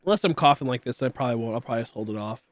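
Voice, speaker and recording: A man in his late twenties streams a game and chats casually, talking very fast in a medium-pitched voice with many fillers as he rambles. A tickly throat makes him cough now and then, and there's no room sound in the audio.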